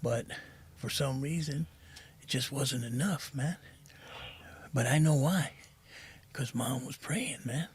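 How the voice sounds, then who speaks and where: A middle-aged man appears as a guest on a podcast to share his recovery story. He speaks softly and haltingly, often saying "man," in a mid-range voice with a breathy edge.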